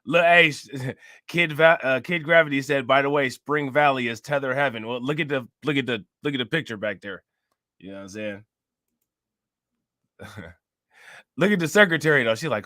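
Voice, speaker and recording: A man hosting a show, reacting to a news clip with loud, laughing, mocking commentary. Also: medium pitch, normal speed, pauses often, no room sound, clean studio sound.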